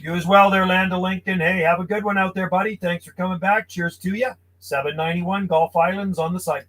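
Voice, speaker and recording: A man's voice: high voice, steady tone, brisk, fairly bright tone, low-quality recording. A man, a friendly and chatty CB radio operator calling out call signs from his home radio room. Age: 50s. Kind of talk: casual radio calls and chat.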